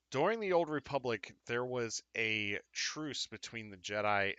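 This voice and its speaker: Slow-talking man running a tabletop game. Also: on the low side, bright, forceful tone, dry recording. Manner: rambling, self-deprecating, many fillers. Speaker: game master.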